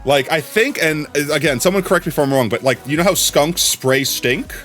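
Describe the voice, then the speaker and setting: A man's voice: a little high, fairly quick, a bit bright, faint music behind. A man chatting casually on a live stream, rambling from topic to topic and laughing often.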